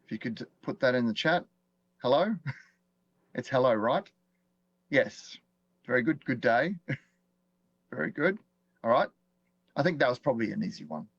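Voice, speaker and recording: An Australian man teaching a live online class in a chatty, relaxed way, quizzing viewers and chuckling often. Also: medium pitch, a little slow, pauses often, no echo. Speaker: online course instructor. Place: indoors at a desk with screens. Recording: dull, dry lo-fi stream audio.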